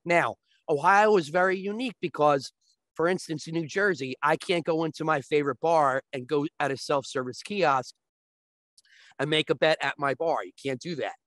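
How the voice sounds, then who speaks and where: A man as a guest on a talk show, explaining sports betting step by step and often checking with a quick "right?". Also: a little high, fairly bright tone, dry recording.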